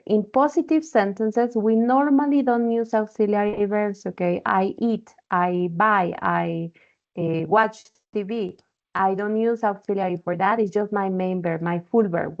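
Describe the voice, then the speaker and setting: Woman, English teacher, patient explaining, muffled call audio. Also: mid-range voice. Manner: explains patiently, often checking with "okay?". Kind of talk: online class instruction.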